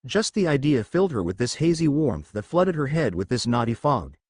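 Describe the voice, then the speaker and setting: Male narrator, fan fiction audiobook, steady storytelling, lively pitch, dry close sound. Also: normal speed, breathy edge, dry recording.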